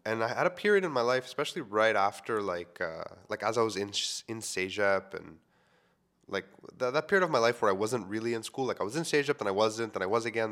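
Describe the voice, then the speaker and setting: A man's voice: lowish voice, fairly bright tone. A man in his thirties from Quebec, a podcast host telling a personal story in a casual, rambling way full of fillers.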